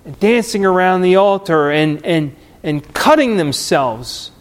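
Brief: male preacher, high voice, slow deliberate delivery, dramatic sermon, hall reverb. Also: animated. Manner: dramatic, storytelling, swings loud and soft.

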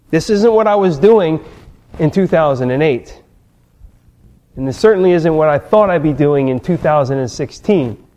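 A man's voice: fairly high pitch, darkish tone, highs cut off. A man preaching a sermon, telling personal stories and repeating his key phrases with emphasis. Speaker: pastor.

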